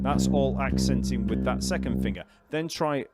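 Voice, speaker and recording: A man teaching a live online bass lesson, explaining technique in a relaxed way, counting beats aloud and answering questions from the chat. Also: moderate pace, few pauses, over loud music.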